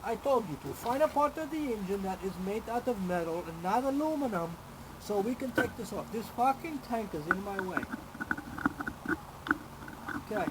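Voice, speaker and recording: A man's voice: sits high, expressive, moderate pace, long pauses, very noisy. A man chatting casually while working on his car in a garage, full of crude, profane jokes and banter.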